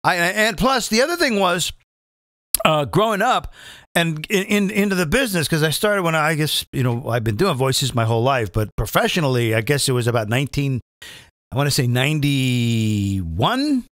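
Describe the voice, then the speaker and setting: A middle-aged man hosting his own show as a comedian and impressionist, talking in a chatty, self-mocking ramble full of quick asides. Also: on the high side, sing-song, a bit bright, no room sound, clean studio sound. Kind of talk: casual rambling monologue.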